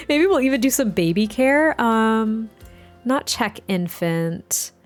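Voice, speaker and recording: A woman's voice: a little high, expressive, slow, faint music behind. A woman hosting a game let's play, chatting casually with frequent laughs and rambling asides. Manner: chatty, giggly, rambling with fillers.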